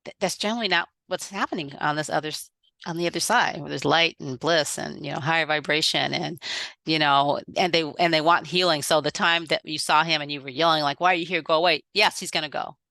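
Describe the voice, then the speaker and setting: A woman's voice: low-pitched, brisk, gravelly, bright, forceful tone, no echo. A woman guest, a dream teacher, explaining her views in a flowing, reflective way. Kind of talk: conversational explanation.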